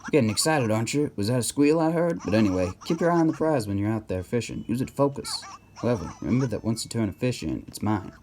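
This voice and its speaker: A man's voice: mid-range voice, animated, fast, darkish tone, slight background noise, lightly acted. A man voicing an old male tortoise mayor in a video game, folksy and boastful, with a put-on Southern US accent. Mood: hearty. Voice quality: drawling put-on voice.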